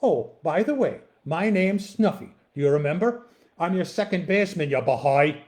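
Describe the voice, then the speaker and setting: A man voicing a chummy male ballplayer with an Irish accent, calling out loud and hearty. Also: on the high side, lively intonation, normal speed, voice pushed up, close to an everyday voice.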